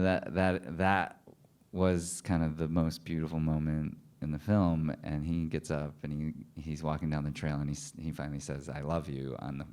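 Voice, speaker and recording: A man on a festival panel telling animated behind-the-scenes anecdotes, laughing as he acts out what others said. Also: rumbling low, clear, resonant tone. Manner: animated anecdotes, laughing while acting out quotes. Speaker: film director on a panel. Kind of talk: panel storytelling.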